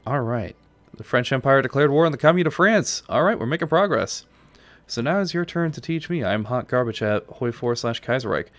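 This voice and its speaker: A man's voice: medium pitch, lively intonation, a little fast, no echo. A man from New York, chatting casually with viewers as he live-streams a strategy game and answers their messages. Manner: chatty, answers chat between moves.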